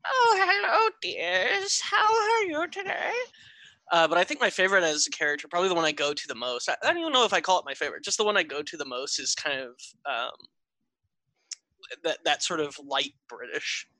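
A man's voice: fairly high pitch, big pitch swings, fast talker, sharp tone, dry recording. A man who runs tabletop games, chatting casually and thinking aloud with small restarts. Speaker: game master. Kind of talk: casual podcast chat.

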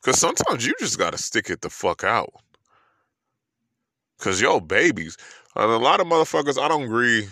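A man's voice: medium pitch, big pitch swings, moderate pace, long pauses, bright, forceful tone, no echo, studio quality. Profane, ranting New York man. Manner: emphatic, swearing constantly, rhetorical questions.

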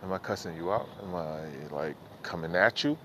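A middle-aged man with a lowish voice rambles through a solo podcast. He talks loose and profane, drifting between thoughts and poking fun at himself. A faint hiss of noise sits behind him. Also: animated, normal speed. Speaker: podcast host. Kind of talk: casual rambling monologue.

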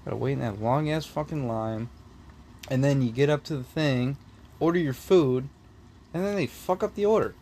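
A man's voice: mid-range voice, normal speed, dark tone. A young man in casual chat, ranting bluntly and swearing a lot. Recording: faint background noise.

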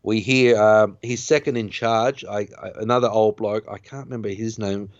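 A man's voice: fairly low pitch, fairly even intonation, normal speed, no room sound. A man hosting a podcast, casually retelling a film's plot in a rambling way, full of fillers and restarts. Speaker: podcast host. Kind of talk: casual film recap chat. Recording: dull lo-fi dry sound.

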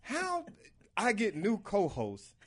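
Animated man hosting a radio show. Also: sits high, slow. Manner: animated, laughing banter. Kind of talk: casual radio talk.

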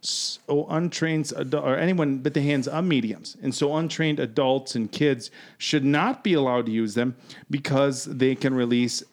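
A man's voice: mid-range voice, fairly even intonation, normal speed. A man hosting a casual podcast, joking, skeptical and swearing freely. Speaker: podcast host.

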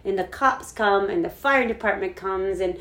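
Speaking at normal speed with a mid-range, fairly bright voice, this Hawaii-based podcast co-host chats casually. Her story is full of swearing, and she plays out her own panic as she tells it.

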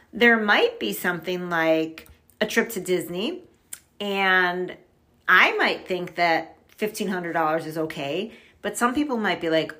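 Woman, middle-aged, casual chat, upbeat, keeps saying like, bright tense tone. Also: lowish voice. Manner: chatty and upbeat, says "like" often, laughs easily. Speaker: podcast guest on money mindset.

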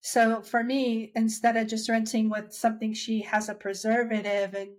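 A woman's voice: fairly high pitch, little pitch movement, normal speed. Woman talking casually in an interview, chatty, keeps restarting, acts out what people said. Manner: chatty, with many restarts and acted-out quotes. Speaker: interviewee sharing her dry eye story. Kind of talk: casual conversational storytelling.

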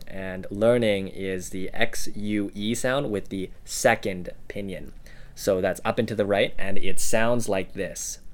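A man co-hosting a relaxed language lesson, explaining example words with frequent ums and uhs. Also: lowish voice. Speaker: language teacher co-host. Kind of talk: casual instructional podcast.

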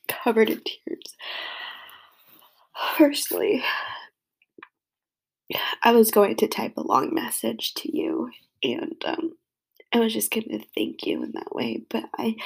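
Crying young woman, gravelly and husky. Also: fairly high pitch, rough recording. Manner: flustered, self-mocking, squeals in disgust. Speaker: vlogger. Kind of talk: tearful reaction to a tribute.

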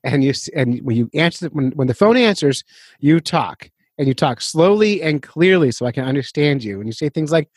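A man's voice: a little high, expressive, normal speed, breathy edge, dry recording. Guy hosting a fishing podcast, rambly and jokey about himself, dry sound. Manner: rambling, self-deprecating, laughs often. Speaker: podcast host. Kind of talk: casual podcast chat.

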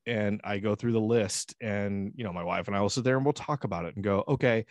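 A man's voice: on the low side, brisk, few pauses, no room sound. A man co-hosting a podcast, telling stories in a casual, profane, laughing way. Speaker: podcast co-host. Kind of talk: casual banter.

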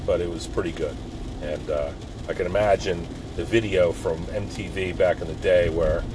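A middle-aged man talking in a casual, rambling monologue, profane and given to sudden loud outbursts. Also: low voice. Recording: loud road noise behind.

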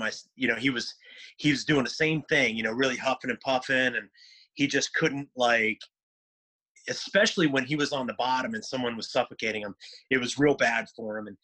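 Bright-voiced joking podcast co-host man. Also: medium pitch, poor audio. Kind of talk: casual podcast chat.

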